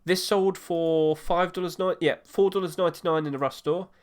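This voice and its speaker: Speaking at a moderate pace with a steady tone, a man with a slightly high voice rambles chattily about market prices in his casual solo gaming commentary, stopping to correct himself along the way.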